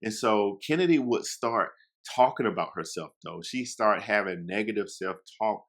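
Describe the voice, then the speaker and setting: In a fairly low voice and at an ordinary speed, a young man spins a casual tale for his listeners. His delivery is chatty and animated, with quoted dialogue and direct remarks to the audience.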